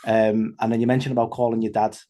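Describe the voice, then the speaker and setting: Halting male interview host. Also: fairly low pitch, little pitch movement, dark tone. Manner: halting, hesitant, many fillers and restarts. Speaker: wrestling show host and interviewer. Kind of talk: interview questions.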